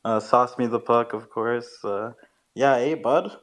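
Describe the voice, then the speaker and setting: A man's voice: mid-range voice, measured pace, fairly bright tone. A man from Canada with a Canadian accent, joking and bantering in a casual chat.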